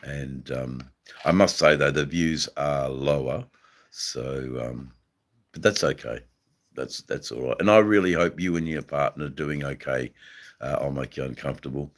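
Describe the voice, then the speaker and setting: An Australian man hosting a livestream, chatting casually with viewers in a halting way, full of ums and repeated phrases. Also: rumbling low. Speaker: livestream host reading chat. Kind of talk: casual live-stream chat.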